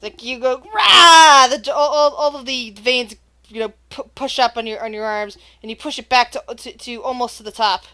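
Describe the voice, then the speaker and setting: Woman game master, high and bright, excitable, stumbles through her narration, laughs a lot. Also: fairly quick. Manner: excitable, laughs often, trips over words.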